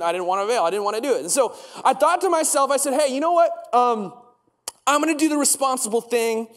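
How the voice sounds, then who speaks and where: A young man preaching a sermon, telling a story in a conversational way and asking the congregation questions. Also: high voice. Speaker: pastor. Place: church. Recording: long church hall reverb.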